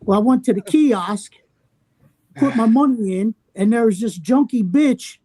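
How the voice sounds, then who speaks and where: A man on a podcast telling a story in a casual way. He swears constantly and sounds brash and animated. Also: extremely high pitch, measured pace, no echo. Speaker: podcast regular.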